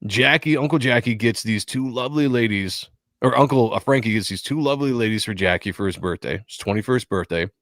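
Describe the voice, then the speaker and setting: A man's voice: medium pitch, fairly quick, dry recording. Man, comic book review co-host, casual chat, dry close sound, jokey. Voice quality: animated, jokey, acts out dialogue. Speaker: podcast co-host.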